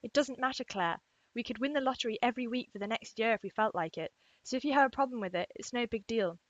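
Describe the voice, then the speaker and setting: A woman's voice: on the high side, quick pace, dry recording, highs cut off, pitched above the performer's own voice, lightly acted. A woman reading aloud the lines of an easygoing, reassuring man from a novel.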